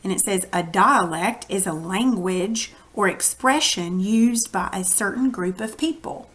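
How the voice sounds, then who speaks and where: A woman's voice: medium pitch, measured pace, fairly bright tone. Texan woman teaching a reading lesson. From Texas. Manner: friendly explaining, conversational.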